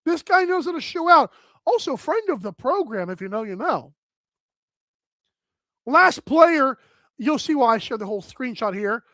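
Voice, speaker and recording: A woman presenting a fashion segment on a talk show in a bubbly, chatty, animated way. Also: high voice, moderate pace, long pauses, dry recording, clean studio sound. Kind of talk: casual chat.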